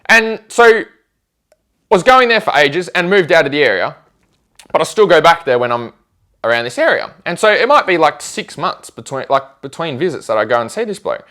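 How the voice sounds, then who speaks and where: A man telling stories in a casual chat, animated and acting out the conversations he describes. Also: fairly high pitch, moderate pace. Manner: animated, acts out conversations in quoted voices.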